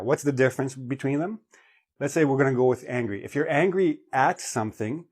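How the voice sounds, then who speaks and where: Man explaining English vocabulary. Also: medium pitch. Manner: explanatory, checks in with "okay?" and "right?". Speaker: English teacher. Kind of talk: vocabulary lesson.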